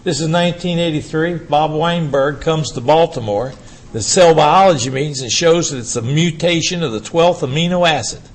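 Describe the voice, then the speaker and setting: A man's voice: fairly high pitch, moderate pace, slight background noise. Older man lecturing with emphatic rhetorical questions. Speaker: urology professor giving a lecture. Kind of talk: academic lecture to an audience.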